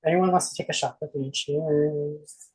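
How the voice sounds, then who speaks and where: Male contestant, light self-mocking jokes, a bit high. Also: fairly even intonation, moderate pace, a little mellow, breathy edge.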